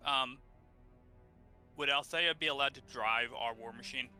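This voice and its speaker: A man at a tabletop role-playing session, talking casually with the game master. His voice is very bright at a middle pitch. Faint music plays underneath. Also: unhurried. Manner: casual, chatty. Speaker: player.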